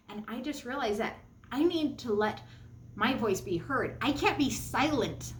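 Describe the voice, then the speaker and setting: A young woman vlogger telling a personal story, animated and emphatic, jumping up high when she quotes herself. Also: unhurried, echoey room.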